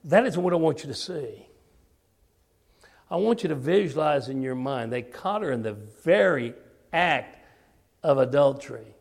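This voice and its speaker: Older man, sermon, gravelly voice, slightly high-pitched, earnest storytelling. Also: animated, measured pace, long pauses. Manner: earnest, storytelling preacher with rising emphasis. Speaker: preacher.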